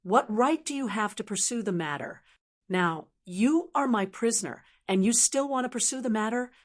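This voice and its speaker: A woman's voice: fairly high pitch, lively intonation, moderate pace. A woman voicing a cold, arrogant male sect master who sneers and threatens. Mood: contemptuous.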